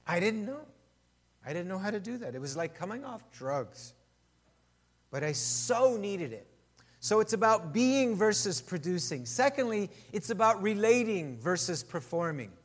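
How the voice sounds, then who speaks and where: A male pastor delivers a sermon in a high, light voice that rings out in a hall with a long tail of reverb. His talk is conversational, full of questions to the congregation, and he sinks to a hush when he makes personal admissions. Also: big pitch swings, moderate pace. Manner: drops to a hushed voice for personal admissions.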